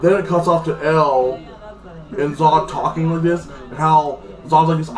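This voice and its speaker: A man's voice: fairly high pitch, steady tone, unhurried, crowd noise. A man casually recapping a TV episode, rambling with lots of fillers and acting out lines in quotes. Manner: rambling, filler-heavy, retells scenes in quotes. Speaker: TV episode reviewer. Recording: echoey room, mic at a distance.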